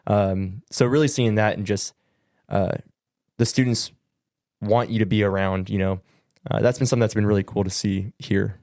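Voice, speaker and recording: Easygoing young man, slightly low voice. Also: steady tone, moderate pace, a little mellow, no echo, studio quality. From Southern California. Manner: easygoing, rambling, lots of likes and ums. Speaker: student pastor. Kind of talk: casual podcast guest chat.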